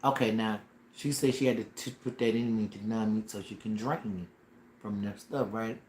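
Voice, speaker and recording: Animated man telling a story in an echoey room. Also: fairly low pitch, moderate pace, noisy background. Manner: animated, dramatic retelling with slang and sound effects. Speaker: livestreamer. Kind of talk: casual storytelling livestream. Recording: roomy echo with faint ambience.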